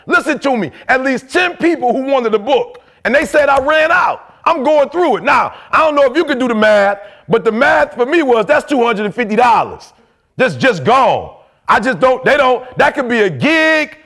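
A man in his forties from Detroit, giving a fiery motivational speech full of street slang and loud shouted bursts. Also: very high-pitched, very animated, normal speed. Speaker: motivational speaker.

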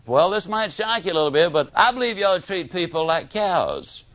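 Southern guy from mississippi telling folksy stories onstage, older, kinda high voice, muffled old recording. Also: normal speed, no echo. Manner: animated storytelling with folksy humor and acted-out quotes. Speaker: motivational speaker. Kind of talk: motivational speech. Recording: dull lo-fi audio.

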